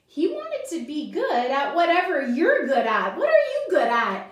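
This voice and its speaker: High-voiced, encouraging kids yoga teacher. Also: female voice, wildly swooping pitch, a little slow, hardly any pauses. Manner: encouraging, sing-song guiding. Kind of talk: children's yoga story lesson. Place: yoga studio. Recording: echoey room, voice from far off.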